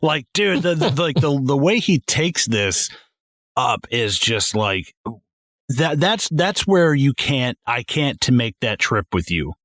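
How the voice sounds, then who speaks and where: A man co-hosting a podcast, chatting casually and excitedly about a film, swearing a lot and acting out lines from it. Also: mid-range voice, slow pace, no room sound, studio quality. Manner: animated, swearing, acts out movie lines in voices. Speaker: podcast co-host.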